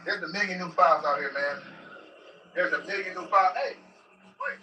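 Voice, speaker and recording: A man's voice: high voice, brisk, bright, forceful tone. A man ranting repetitively and emphatically on a livestream, talking straight to his viewers. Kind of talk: livestream rant. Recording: distant clip played back with faint noise.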